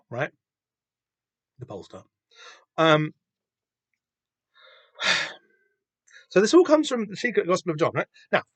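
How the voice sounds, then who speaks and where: A man's voice: mid-range voice, fairly bright tone, dry recording. Rambling man on a dry mic. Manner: rambling, hesitant, many fillers and restarts. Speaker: podcast host. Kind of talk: casual comic read-through chat.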